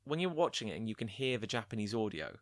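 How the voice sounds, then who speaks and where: A man's voice: fairly low pitch, big pitch swings, fast, no echo, clean studio sound. A man co-hosting a casual chat about an anime episode, searching for words and restarting his sentences. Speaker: podcast co-host.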